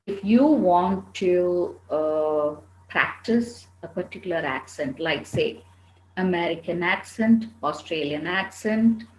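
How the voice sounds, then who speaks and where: A woman's voice: on the low side, a little mellow. A woman with an Indian English accent answering students' questions in a lecture, firm and instructive. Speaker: soft skills trainer. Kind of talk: classroom Q&A lecture. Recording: roomy echo, faint background noise.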